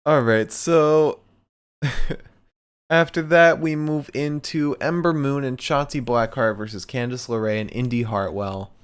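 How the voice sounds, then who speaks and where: A man's voice: mid-range voice, slow pace, clean tone. Laid-back young man hosting a livestream. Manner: laughs easily, talks to the chat, loose and playful. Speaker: podcast host. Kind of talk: casual livestream podcast hosting.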